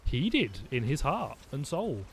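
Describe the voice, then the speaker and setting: A man's voice: medium pitch, very animated, a little slow, creaky, a little hiss or hum. Joking male game streamer. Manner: rambling, joking, talks to his chat. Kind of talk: let's-play commentary.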